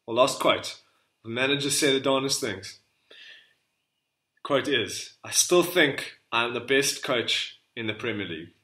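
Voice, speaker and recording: A man's voice: medium pitch, lively intonation, unhurried, pushed and bright, roomy sound. A man co-hosting a football podcast, guessing quotes in a bantering, laughing quiz chat. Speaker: podcast co-host.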